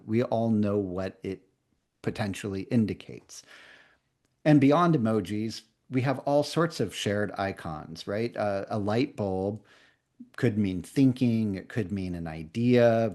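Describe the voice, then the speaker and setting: A man leading a live online coaching workshop, talking casually and playfully, then reading a definition slowly for note-taking. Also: lowish voice, a little mellow. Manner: conversational, playful, reads slowly for dictation. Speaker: coaching trainer.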